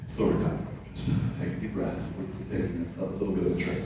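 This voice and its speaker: A man giving a storytelling lecture, animated, moving between hushed narration and loud, high quoted voices. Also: fairly quick, background noise. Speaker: guest speaker. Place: community center hall. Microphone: far from the mic. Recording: distant, very echoey hall recording.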